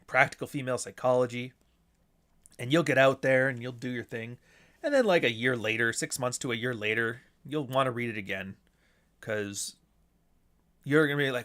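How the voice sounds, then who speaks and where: A man's voice: mid-range voice, moderate pace, a bit bright. A man hosting a podcast alone, rambling casually and swearing, with mocking asides. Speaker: podcast host. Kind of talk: casual solo monologue.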